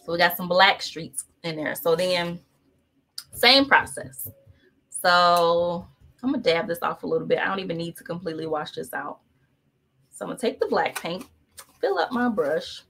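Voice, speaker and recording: A woman's voice: lowish voice, normal speed, gravelly, a little hiss or hum. A woman painting instructor, chatting casually and telling a story while she paints, acting out the other people's voices. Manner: chatty, animated, acts out quoted voices.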